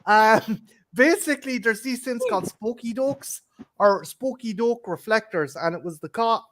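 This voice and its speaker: A man's voice: sits high, moderate pace, a bit bright. Rambling, foul-mouthed Irish man. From Ireland. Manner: rambling, swears a lot, often laughs mid-sentence. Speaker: co-host. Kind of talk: casual chat.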